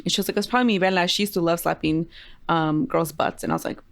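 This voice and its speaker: A woman's voice: lowish voice, fairly even intonation, rapid-fire, clean tone. A woman co-hosting a podcast, telling stories in a laid-back, dry way and mixing in Spanish. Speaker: podcast co-host. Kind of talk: casual chat.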